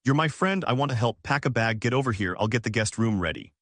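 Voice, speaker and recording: A caring, worried woman friend speaks with firm urgency in a lively, rising voice in a storybook reading, as a man reads her lines. The sound is dry and close, with no room around it. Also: mid-range voice, fast, dry recording. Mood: urgent, caring.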